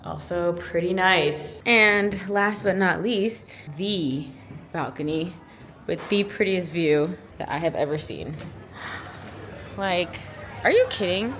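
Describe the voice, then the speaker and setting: A young woman vlogging casually, gushing and excited as she shows around. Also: fairly low pitch, takes it slowly, slight background noise. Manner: bubbly, gushing. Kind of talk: casual vlog narration.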